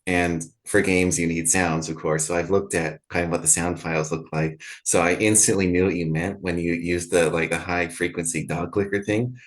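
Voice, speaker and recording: A man's voice: low voice, steady tone, moderate pace, hardly any pauses. A man, the author, asking a narrator questions in a casual, friendly, somewhat rambling way. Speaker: interviewer, author.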